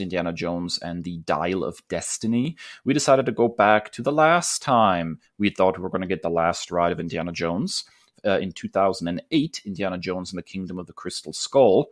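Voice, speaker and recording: A man hosting a casual podcast, talking in a relaxed way with frequent fillers. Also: deep voice, normal speed. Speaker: podcast host.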